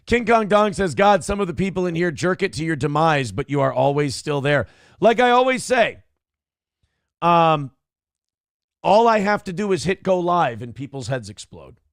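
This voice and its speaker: A man's voice: a little high, big pitch swings, moderate pace, no room sound, studio quality. A man in his thirties hosting a livestream, casually chatting with viewers and reading out donation messages, laughing and bantering often. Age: 30s. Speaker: livestream host.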